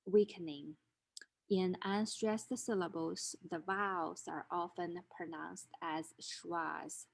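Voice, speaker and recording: A woman's voice: on the low side, gravelly. A woman instructor giving a methodical recorded lecture, explaining rules step by step with examples. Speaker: linguistics instructor.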